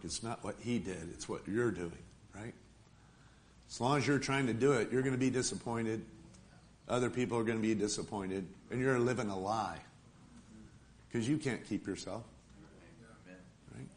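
A man's voice: fairly low pitch, slight background noise. Emphatic man preaching a sermon. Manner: emphatic, calls for amens.

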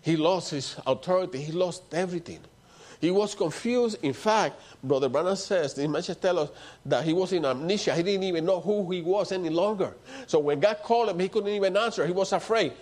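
A man preaches with fervent, emphatic conviction. His voice sits a little high for a man, and it swings between raised passages and hushed ones. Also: normal speed. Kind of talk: sermon.

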